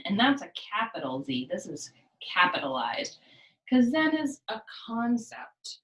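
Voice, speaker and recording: A woman leading a library program for small children, talking in a slow, sing-song way and often dropping to soft whispers. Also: medium pitch, big pitch swings. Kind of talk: teaching preschoolers. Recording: voice a bit distant from the mic.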